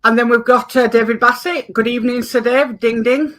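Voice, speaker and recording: A man's voice: very high voice, flat delivery, brisk, a bit bright. A man co-hosting a livestream, reading viewer chat messages aloud with small stumbles.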